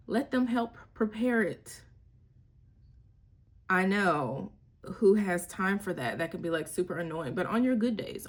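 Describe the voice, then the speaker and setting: A young mother, chatting candidly and wryly about parenting in a casual vlog. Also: fairly low pitch. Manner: candid, wry, slangy, breaks into playful voices. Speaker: mother sharing parenting tips. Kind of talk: casual chat.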